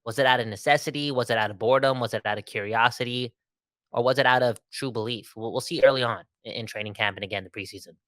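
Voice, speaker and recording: A man co-hosting a casual sports podcast, joking and animated, with lots of fillers and restarts. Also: medium pitch, fast talker, dry recording, clean studio sound. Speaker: podcast co-host.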